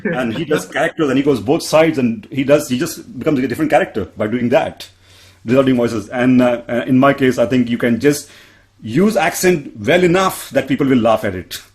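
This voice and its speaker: A man's voice: medium pitch, moderate pace. A man from India with an Indian accent, answering as a panelist in a discussion, earnest and self-deprecating, often restarting his sentences. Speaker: panelist, public speaker.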